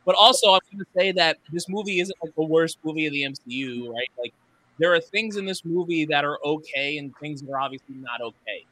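A man's voice: fairly high pitch, brisk, bright, forceful tone. A man co-hosting a podcast, giving a rambling, hesitant review full of fillers. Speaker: podcast co-host.

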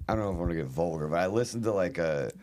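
A man's voice: deep voice, expressive, fast, darkish tone. A man, a comedian guest, rambling and laughing through a casual comedy chat. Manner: rambling, laughing, fond of put-on accents.

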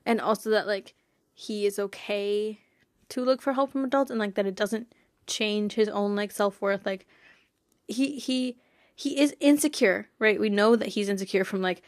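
Excitable young woman, dry sound. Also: mid-range voice, moderate pace, dry recording. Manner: enthusiastic, laughs often. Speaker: podcast host. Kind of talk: casual chat.

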